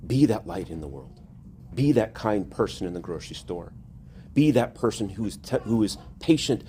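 A man's voice: on the low side, mellow, a little hiss or hum. A male priest preaching a sermon, earnest and rising to emphatic exhortation.

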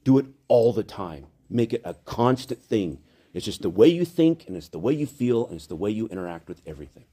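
A priest with a lowish, breathy-edged voice delivers an earnest sermon in church at a brisk pace. His preaching is animated and repeats phrases for emphasis.

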